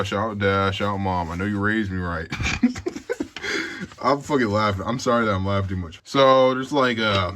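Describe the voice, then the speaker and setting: A man's voice: on the low side, a bit bright. Laughing, foul-mouthed young man reviewing. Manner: laughs often, swears, jokey and sarcastic. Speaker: book reviewer. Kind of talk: casual book review.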